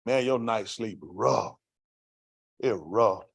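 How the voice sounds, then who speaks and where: His voice is fairly low, slow, and creaky as he recounts street life in a testimony to a congregation. He speaks in raw, vernacular terms and poses rhetorical questions to the people in the room.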